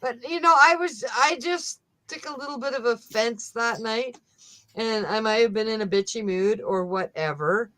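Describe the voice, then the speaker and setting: A woman's voice: on the high side, normal speed, sharp tone, rough recording. A woman chatting casually on a live stream, blunt and profane, laughing often. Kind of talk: casual chat.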